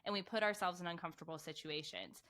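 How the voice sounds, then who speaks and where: A woman's voice: on the low side, fast, bright, forceful tone. A woman podcast host who reacts with enthusiasm and asks the guest to expand on a point. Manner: enthusiastic, affirming. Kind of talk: interview hosting.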